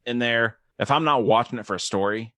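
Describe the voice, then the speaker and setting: Young guy guesting on a podcast, jokey and animated, dry close mic, mid pitch. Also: brisk, no room sound. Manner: joking, animated. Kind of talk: casual chat.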